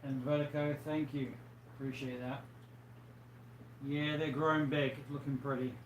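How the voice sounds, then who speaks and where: A man's voice: medium pitch, little pitch movement, unhurried. A man hosting a casual livestream, chatting easily with viewers and reading out their comments, a little tired. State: tired, yawning. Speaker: livestream host. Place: home room with fish tanks. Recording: echoey room, faint background noise.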